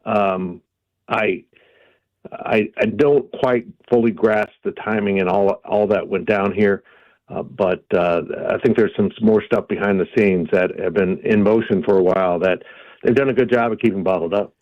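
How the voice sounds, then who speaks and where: A male guest reporter with a low voice comes through a muffled, lo-fi line. He answers in a measured way, with frequent pauses and hesitations. The sound is dry. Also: steady tone, dry recording. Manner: measured, many ums and uhs. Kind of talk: radio phone interview.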